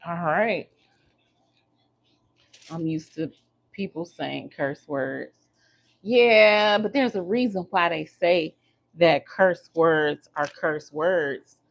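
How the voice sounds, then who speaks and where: A woman chats casually on her livestream, teasing and talking to her viewers as she goes. Her voice sits a little low and has a gravelly edge. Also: takes it slowly, pauses often. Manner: chatty, teasing, talks to viewers while doing hair. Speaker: livestream host.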